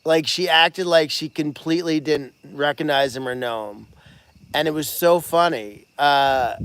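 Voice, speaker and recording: Man, slightly high voice, excitable, chatty, casual livestream host, animal sanctuary barn. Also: measured pace, clean tone, no room sound. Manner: excitable, chatty, thanks donors by name. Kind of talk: casual live-stream chat.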